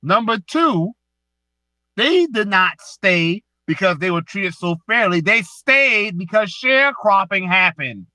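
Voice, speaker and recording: A man's voice: high-pitched, expressive, a little slow, hardly any pauses, bright, forceful tone, no room sound. A man with a Southern US accent hosting a live online audio space, lecturing a caller in a heated, emphatic way and repeating himself.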